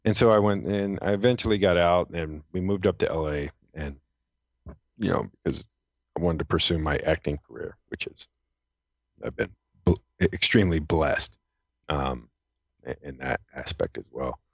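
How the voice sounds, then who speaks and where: A middle-aged man with a very low, deep voice tells his story earnestly. He talks reflectively and often restarts his sentences. The sound is dry and close. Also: normal speed, dry recording. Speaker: podcast guest, retired Navy SEAL. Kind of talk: conversational storytelling.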